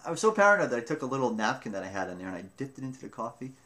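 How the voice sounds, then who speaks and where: A young man casually telling a story about himself, rambling and often breaking off mid-sentence, with animated retelling. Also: mid-range voice, very fast. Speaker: vlogger telling a personal story. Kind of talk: casual first-person storytelling.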